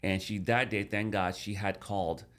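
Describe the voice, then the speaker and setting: A man in his thirties, a podcast guest, telling a personal story in a casual, animated way with many restarts. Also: fairly low pitch, normal speed.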